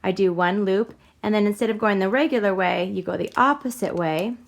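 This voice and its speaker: A woman's voice: mid-range voice, a little fast, vocal fry. A woman hosting a crafting tutorial, talking chattily through each step in a bubbly way and giggling at herself. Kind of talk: casual step-by-step demonstration.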